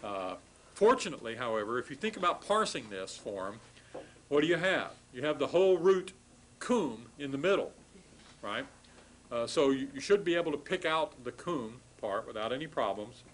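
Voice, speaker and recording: A man giving a recorded classroom lecture on grammar, explaining patiently, sounding out word forms slowly, and apologizing wryly for irregular forms. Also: mid-range voice, expressive, slight background noise, poor audio. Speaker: language instructor.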